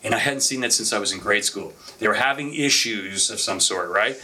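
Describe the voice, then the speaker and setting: A middle-aged man on a podcast, telling stories in a casual, animated way with lots of fillers. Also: on the low side, a little fast. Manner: animated anecdotal storyteller with frequent fillers. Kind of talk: casual storytelling chat.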